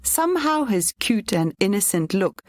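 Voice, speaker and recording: A woman narrating a children's storybook in a clear, even reading voice. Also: medium pitch, normal speed, no echo, clean studio sound.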